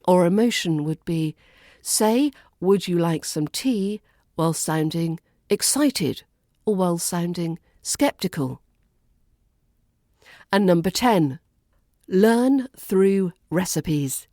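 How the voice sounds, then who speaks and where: Slow, dark-voiced British accent coach woman. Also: lowish voice, animated, no room sound, studio quality. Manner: models phrases slowly, repeating each twice. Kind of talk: scripted accent lesson.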